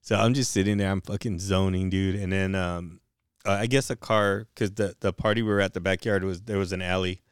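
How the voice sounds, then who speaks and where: A man's voice: low voice, fairly even intonation, fairly quick, clear, resonant tone, dry recording, clean studio sound. A young man co-hosting a casual chat, rambling through stories with constant swearing. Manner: laid-back, swears constantly, rambling storyteller. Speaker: podcast co-host.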